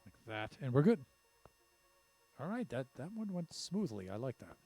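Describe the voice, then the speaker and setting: A man's voice: mid-range voice, very animated, normal speed, mellow, slightly rough, faint music behind. A man streaming a building game, counting blocks aloud and talking to himself as he works. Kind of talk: casual commentary while building in a game.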